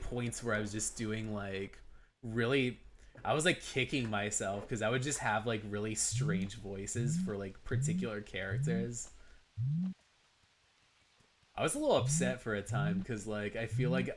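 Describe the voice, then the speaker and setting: A male streamer chats casually at a middle pitch, animated and quick to laugh. His speech is loose and full of filler words. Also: a little hiss or hum. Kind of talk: casual chat.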